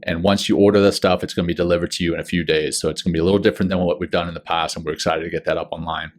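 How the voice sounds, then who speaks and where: A man's voice: deep voice, little pitch movement, very fast, slight background noise. A man co-hosting a podcast, upbeat and chatty as he runs through the show's announcements. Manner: upbeat, plugs the show's channels. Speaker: podcast co-host. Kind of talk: casual podcast chat with show announcements.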